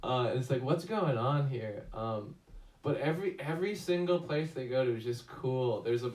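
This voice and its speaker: A man's voice: mid-range voice, animated, moderate pace, a little mellow. A man hosting a casual movie review chat, rambling with many fillers and restarts. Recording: echoey room, distant mic.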